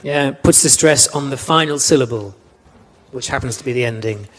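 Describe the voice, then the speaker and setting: A language lecturer, male, teaches a class in a lecture room, talking in a chatty way, repeating words and putting questions to his students. His voice is medium in pitch and fairly bright, and he speaks a little fast. The recording carries the long reverb of a lecture hall.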